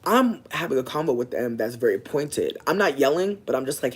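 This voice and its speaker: Animated, profane young man telling a story. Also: medium pitch, brisk, few pauses, slightly rough. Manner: expressive, profane, slangy, swings into loud animated outbursts; breaks off to talk to passersby. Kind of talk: casual storytime rant.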